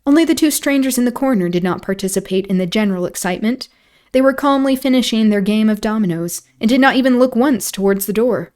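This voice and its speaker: A woman's voice: on the high side, fast talker, darkish tone. A woman streamer reading a novel aloud, breaking off into wry, mocking asides.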